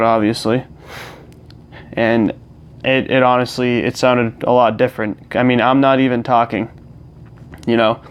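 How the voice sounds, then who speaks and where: A young man talks loosely to his viewers while he plays a game, rambling along with fillers and restarts. His voice is smooth and clear at a middle pitch. He is recorded close up on a clip-on lapel mic plugged into a phone. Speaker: gaming vlogger. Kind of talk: casual chat to camera while gaming.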